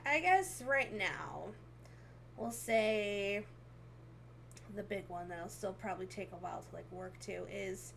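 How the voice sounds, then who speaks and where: A woman's voice: medium pitch, animated, slow pace, gravelly, fairly bright tone, a little hiss or hum. A young woman streaming as a VTuber, chatting casually and giggling often as she reads comments aloud. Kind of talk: casual livestream chat, reading comments.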